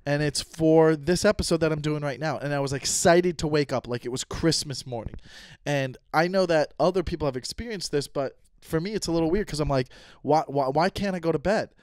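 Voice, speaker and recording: A man's voice: a little high, brisk, a little mellow, smooth, no room sound, studio quality. A man in his thirties hosting a solo podcast, rambling and talking to himself with self-mocking asides. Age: 30s. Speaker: podcast host. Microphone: studio mic.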